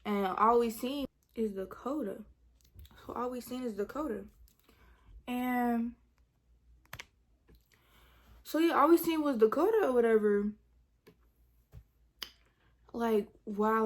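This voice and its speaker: A woman's voice: fairly high pitch, moderate pace, pauses often. A young woman, telling a storytime in casual chat, retelling with dramatic quotes and whispered asides. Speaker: vlogger.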